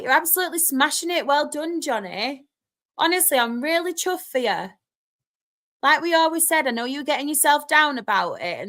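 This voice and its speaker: Northern english girl chatting to her live chat, bubbly, laughs a lot, fairly high voice. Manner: chatty, excitable, quick laughs. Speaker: live stream host. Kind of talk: casual chat reading live comments.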